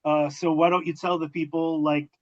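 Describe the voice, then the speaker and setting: A man hosting a casual interview, asking questions in a halting way with frequent fillers. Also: fairly high pitch, flat delivery, darkish tone, no room sound, lo-fi sound. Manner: halting, many fillers and restarts. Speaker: podcast host.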